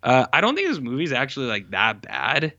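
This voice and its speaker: A man in casual podcast chat reviewing a film, rambling along with many fillers and quick self-corrections. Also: mid-range voice, wildly swooping pitch, pushed and bright, dry recording, muffled recording. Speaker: podcast co-host reviewing films.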